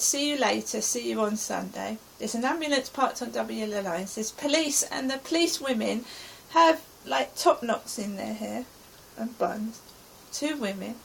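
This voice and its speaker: A middle-aged woman from England recounts her stressful day in an anxious, rambling present tense. Her voice is raspy and gravelly and sits slightly high, with a faint hiss in the background. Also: low-quality recording. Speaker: vlogger. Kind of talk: personal diary account.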